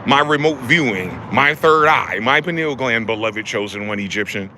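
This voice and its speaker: Speaking at a normal pace, this male vlogger sounds pushed and bright, his medium pitch full of lively intonation over a faint hiss or hum. He's delivering a furious, profane, combative rant that keeps returning to the same rhetorical questions.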